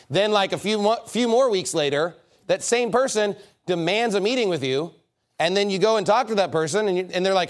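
A pastor preaching a sermon in a church, conversational and lively, acting out little bits of dialogue. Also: male voice, high-pitched, fairly quick. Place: church sanctuary.

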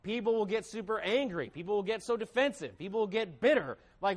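A man's voice: sits high, lively intonation, a little fast. A man preaching a sermon with emphasis, acting out quoted voices. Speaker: pastor.

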